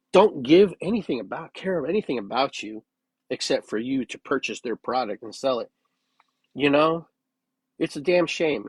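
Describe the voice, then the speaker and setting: A man's voice: medium pitch, breathy edge, no echo, poor audio. A man hosting his own podcast, talking through his thoughts in an earnest, musing way and repeating phrases with changing inflection. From United States. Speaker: podcast host. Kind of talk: reflective solo podcast monologue.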